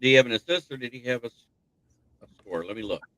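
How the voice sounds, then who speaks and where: A man's voice: medium pitch, animated, fast talker, a bit bright, no echo, low-quality recording. A man hosting a casual sports talk stream, rambling and thinking aloud as he goes. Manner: rambling, thinks aloud with restarts, laughs at rival team's troubles. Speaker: sports talk show host.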